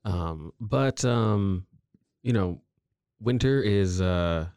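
A man with a very low voice chatting on a podcast. He thinks aloud, filling his pauses with ums. The sound is dry and close. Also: darkish tone, clear, resonant tone, dry recording. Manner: measured, thoughtful, many ums. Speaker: podcast co-host. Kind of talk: casual chat.

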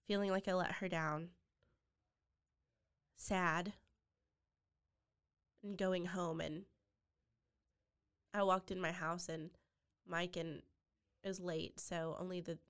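A woman, a podcast guest and foster mother, telling a personal story with deep feeling and sometimes dropping to a near-whisper. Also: creaky, clean tone. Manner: heartfelt, drops to near-whispers when quoting others.

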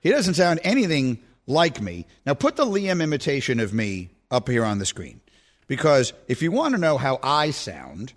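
A man hosting a radio show in a studio, chatting in a wry, animated way and stressing his points in lists. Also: mid-range voice. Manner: animated, wry, speaks in lists with rhetorical pauses. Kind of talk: casual sports radio banter.

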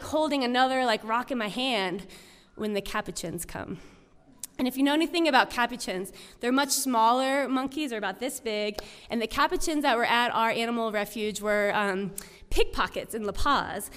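A woman's voice: a little high, moderate pace, fairly bright tone, clean tone. A woman telling a personal story to an audience, in a chatty way full of "like" and "um". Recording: long reverb of a hall.

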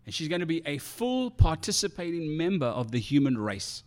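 A man preaching a sermon as pastor, passionate and animated, acting out quoted excuses from churchgoers. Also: on the high side, normal speed.

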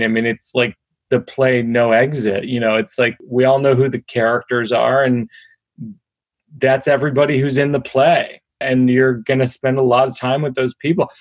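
A man's voice: mid-range voice, dry recording. Joking man, dry close sound. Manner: chatty, joking, self-deprecating. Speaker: comedian guest. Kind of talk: casual interview chat.

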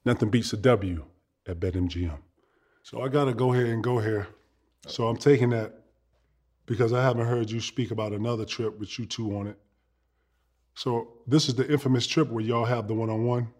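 A man in his forties hosting a casual interview, playful and quick with interjections, laughing easily. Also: medium pitch, steady tone, darkish tone. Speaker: podcast host.

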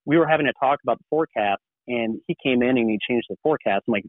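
A man working as a TV meteorologist, talking casually as a guest and telling animated stories, acting out what people said. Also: mid-range voice, racing, hardly any pauses, dry recording. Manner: animated storyteller, acts out quoted dialogue. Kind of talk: casual podcast conversation. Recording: dry phone-like sound.

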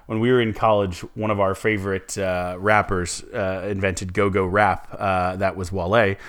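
A man's voice: low voice, level tone, normal speed, a bit bright, clear, resonant tone. A man co-hosting a casual sports podcast, rambling with many restarts and fillers. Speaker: co-host.

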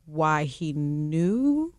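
Lively woman telling a story, dry sound. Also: sits low, drawn-out words, no room sound. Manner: animated storyteller, laughing often. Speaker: guest. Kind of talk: casual interview chat.

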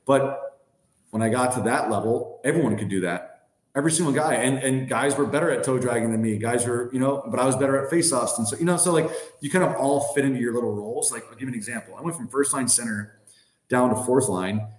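Speaking fast in a mid-range voice, this thirty-something podcast guest tells wandering, casual stories heavy on fillers such as "like" and "you know." The sound is echoey, as if in a large room.

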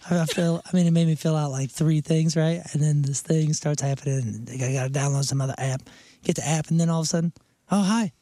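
A hoarse man who is losing his voice talks in a slightly high, mellow tone. He rambles through a story, laughing often. The sound is dry and close. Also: steady tone, fast, no echo. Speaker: radio co-host. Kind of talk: casual chat.

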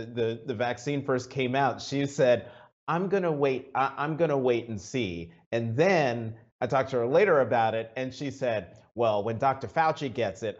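A man hosting an interview over a video call, asking questions in a conversational way with personal asides. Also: medium pitch. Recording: dull video call audio.

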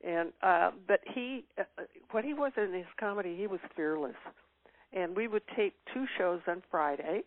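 A woman's voice: fairly low pitch, animated, normal speed, no echo. An older woman chats as an interview guest, reminiscing at length with plenty of "uh"s and easy laughter. Her voice comes through a tinny, phone-like line, dry and close, with no room sound. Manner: reminiscing, warm laughs, many fillers. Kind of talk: casual interview chat.

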